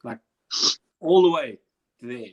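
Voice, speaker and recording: A young South African man hosting a comedy quiz over a video call, chatty and animated as he tells stories. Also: mid-range voice, slow pace, muffled recording, crowd noise. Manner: chatty, animated anecdote-telling. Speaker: quiz host. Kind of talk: casual quiz hosting and storytelling.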